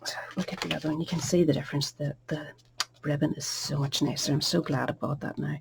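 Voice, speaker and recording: A woman giving a casual, chatty card-making tutorial, with soft asides under her breath. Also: deep voice, steady tone, quick pace, gravelly, noisy background.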